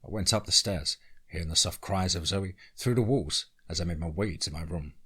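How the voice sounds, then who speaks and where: A man reads a horror story in a measured, tense way. His low voice is husky and breathy but carries a bright, sharp edge. The telling is scripted, steady and careful. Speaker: narrator.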